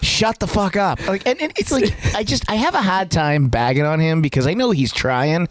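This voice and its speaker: A man's voice: on the high side, big pitch swings, fairly quick. A man co-hosting a podcast in casual chat, rambling and restarting his sentences, swearing easily. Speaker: podcast co-host.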